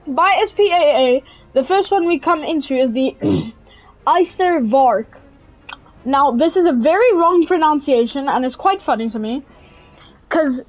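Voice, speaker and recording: A young South African woman whose native language is Afrikaans gives casual gameplay commentary for her gaming videos in a high voice. The recording is low quality, and her delivery is hesitant, full of fillers and restarts.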